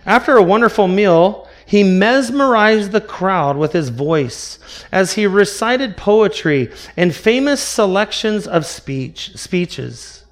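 A man's voice: high voice, expressive, takes it slowly. A man preaching a sermon as pastor, earnest and full of rhetorical questions.

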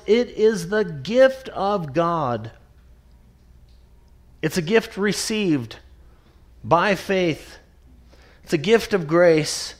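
A man preaching an expository sermon, emphatic and repetitive, slowing down to stress the scripture he quotes. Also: high voice. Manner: emphatic, repeats key phrases, slows to stress scripture.

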